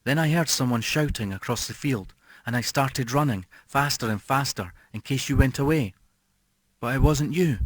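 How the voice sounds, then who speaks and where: A man narrating a horror story as an audiobook reader, slow and brooding, dropping to a hush on key words. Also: mid-range voice, dry recording.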